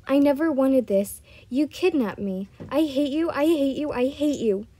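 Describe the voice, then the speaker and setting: A woman's voice: a little high, flat delivery, unhurried, warm tone, breathy edge. A woman reading the part of a frightened captive mother who speaks in a trembling, pleading way. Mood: outburst.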